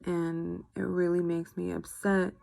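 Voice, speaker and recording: Young woman vlogger, earnest and upset, slight fry, dry close sound. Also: fairly low pitch, level tone, a little slow, dark tone, no echo. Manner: earnest, frustrated, speaking from personal experience. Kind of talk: personal video update.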